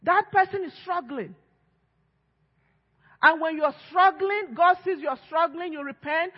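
A woman's voice: extremely high pitch, unhurried. A woman pastor preaching a sermon, emphatic and acting out quoted voices. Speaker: lead pastor. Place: church sanctuary. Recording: echoey church hall, dull lo-fi sound.

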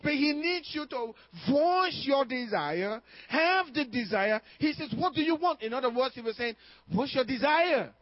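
High-voiced preacher, emphatic and questioning. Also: male voice, lively intonation, unhurried, no echo. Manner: emphatic, asks the congregation questions, laughs now and then. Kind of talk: sermon. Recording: dry, dull lo-fi recording.

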